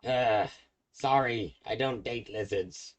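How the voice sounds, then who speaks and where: Sly old hag, calls folks dearie, bosses her brood around, high and piercing, as a man puts her on. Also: slow. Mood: mocking. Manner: sly, teasing, shrill when scolding.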